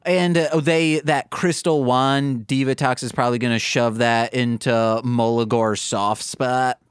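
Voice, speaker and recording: A man's voice: mid-range voice, fairly even intonation, unhurried, clean tone, no room sound, studio quality. A man appearing as a guest on a podcast, chatting casually and making crude jokes with meandering asides. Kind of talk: casual chat.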